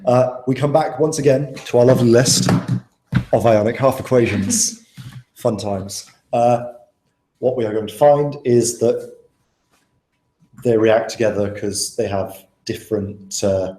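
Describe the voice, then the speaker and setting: A young adult tutors students in a live online session, relaxed and conversational, regularly asking them questions. His mid-range voice is warm and unhurried, in a roomy-sounding space.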